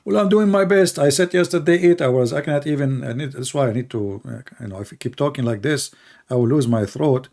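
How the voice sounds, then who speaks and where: A man with a gravelly, creaky voice and a dark, mellow tone talks his way through a livestream. He rambles in casual commentary with lots of fillers. His asides turn sarcastic and mocking. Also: medium pitch, brisk. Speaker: livestream host.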